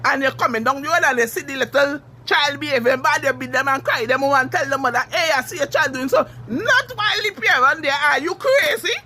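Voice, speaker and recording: A Trinidadian woman giving a heated, cursing social media rant, furious and shouting at times. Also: high-pitched, brisk, few pauses. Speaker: TikTok commenter.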